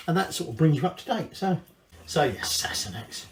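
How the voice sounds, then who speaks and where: Scottish male cooking host, slightly high voice, rambling and sweary, roomy echoey kitchen sound. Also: big pitch swings, moderate pace, a little hiss or hum. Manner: chatty, rambling, sweary asides. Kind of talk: casual cooking demonstration. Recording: echoey room.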